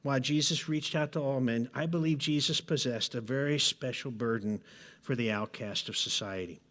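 A man preaching a sermon to his congregation, earnest and pleading, often letting his phrases drop to a soft close. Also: mid-range voice, normal speed. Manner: earnest, pleading, with dramatic drops in volume at phrase ends. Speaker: pastor. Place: church sanctuary.

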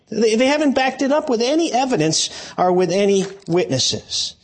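A man preaching an expository sermon in a fairly high, husky voice. He walks his listeners through the passage verse by verse, stumbling and restarting as he presses his points. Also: expressive, moderate pace, few pauses. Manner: expository preaching with frequent restarts and emphatic asides. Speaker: pastor.

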